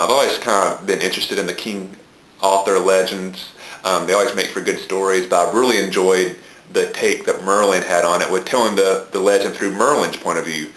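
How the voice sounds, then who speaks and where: A man with a Southern US drawl speaks in a low register, filling his casual book talk with frequent ums. The sound bounces around a reverberant room. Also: a bit bright. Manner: hesitant, many ums. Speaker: book reviewer. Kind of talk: casual video blog talk. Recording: echoey room.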